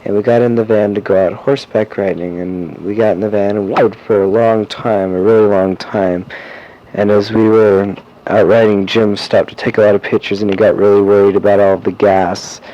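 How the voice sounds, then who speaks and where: A teenage boy recording a personal audio diary, rambling and halting with lots of fillers and restarts. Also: lowish voice, level tone. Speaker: diarist. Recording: dull lo-fi cassette tape with faint hiss.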